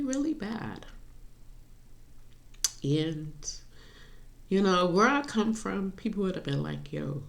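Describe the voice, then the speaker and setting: A woman talking in a personal vlog, rambling and confessional, laughing to keep from crying. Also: on the low side. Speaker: vlogger.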